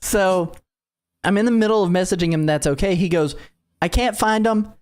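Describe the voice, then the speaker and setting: A man's voice: high voice, normal speed, a little mellow, clear, resonant tone. A man in his thirties, co-hosting a podcast in casual chat, telling a long story with lots of fillers and acted-out quotes. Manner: rambling storyteller, acts out quotes. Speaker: podcast co-host.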